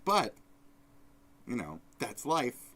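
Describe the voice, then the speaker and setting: A man hosting a live stream, rambling in a profane, off-the-cuff way, jumping between loud outbursts and low mutters. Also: wildly swooping pitch, drawn-out words. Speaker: streamer host. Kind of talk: casual live-stream rant.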